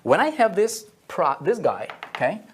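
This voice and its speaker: A man's voice: high voice, sing-song, normal speed, a little hiss or hum. A man teaching an online marketing lesson at a whiteboard, repeating key phrases and checking in with "okay?" and "right?" after each point.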